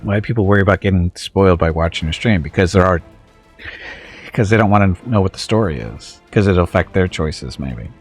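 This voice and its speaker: A man's voice: low voice, lively intonation, fairly quick, faint music behind. A man streaming a video game, chatting casually with viewers and making wry, chuckling asides. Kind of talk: casual let's-play commentary.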